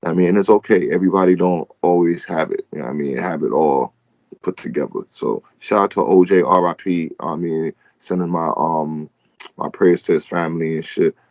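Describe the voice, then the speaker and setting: A man's voice: sits low, fairly even intonation, a little fast, a little mellow, no room sound, muffled recording. A man co-hosting a casual podcast, talking loosely with lots of fillers. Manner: loose and conversational, many "um"s and "man"s. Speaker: podcast co-host.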